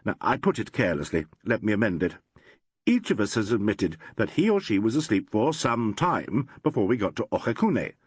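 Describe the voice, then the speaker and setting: A patient, genial detective from a classic mystery, read by a man. The voice is husky and fairly low, with a lively rise and fall. It has a dry, close audiobook sound. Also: no echo. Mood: courteous. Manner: polite, measured questioning. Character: calm, genial male police inspector. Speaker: inspector in a crime novel.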